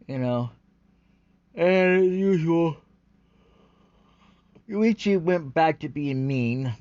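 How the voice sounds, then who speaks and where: A man's voice: a little high, animated, very slow, a little mellow, no room sound. A man ranting in a rambling, unscripted way about anime, profane and full of fillers, on a dull lo-fi recording. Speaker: anime commentary vlogger.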